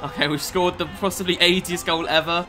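A man's voice: high voice, steady tone, brisk, pushed and bright, soft background music. A young man giving sweary, exasperated commentary over his own video game match. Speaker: gaming YouTuber. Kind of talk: gameplay commentary.

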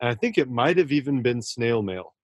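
An earnest man talking as a podcast guest at a mid-range pitch. He is effusive and warm in his praise and often restarts sentences as his thoughts run ahead. The recording is close and dry, with no room sound. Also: lively intonation, a little fast, dry recording. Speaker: author guest. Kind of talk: casual podcast interview.

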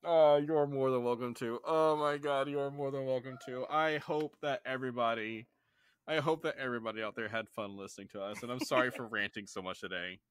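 A man's voice: medium pitch, steady tone, brisk, smooth, no echo. A man hosting a podcast, enthusiastic and rambling, swearing casually. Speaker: podcast host.

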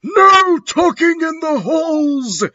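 A screeching scolding old headmaster. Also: male voice, extremely high pitch, animated, extremely slow, sharp tone, dry recording, dull audio, pitched above the performer's own voice, heavily acted. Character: shrill angry old male headmaster.

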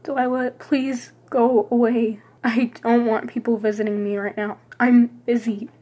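Woman playing a crying young woman, husky and high, defensive, home-made drama. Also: little pitch movement, unhurried, warm tone. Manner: pushes others away, pleading.

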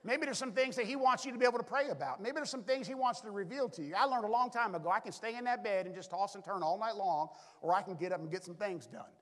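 A male pastor with a high-pitched, fairly bright voice preaches quickly with few pauses, retelling the story and acting out the characters' lines. He often says "all of a sudden" and "be able to." A large hall gives the recording a long reverb.

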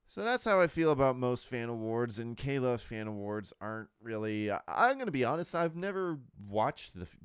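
A man's voice: deep voice, clear, resonant tone, no echo, studio quality. A man hosting his own podcast, giving candid, rambling opinions in a casual monologue full of fillers and restarts. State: burping and hiccuping. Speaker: podcast host.

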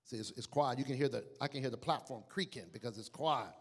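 A man's voice: mid-range voice, fast talker, slightly rough. A man preaching a passionate sermon as pastor, calling his congregation to repeat after him. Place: church sanctuary. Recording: church hall reverb.

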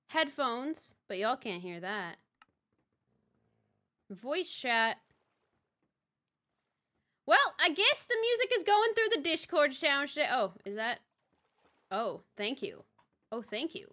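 A woman's voice: high-pitched, sing-song, slow, long pauses, sharp tone. A young woman livestreaming a game, chatting casually, exclaiming and repeating herself, swearing when things break, and greeting chatters by name. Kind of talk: casual live-stream chat while gaming.

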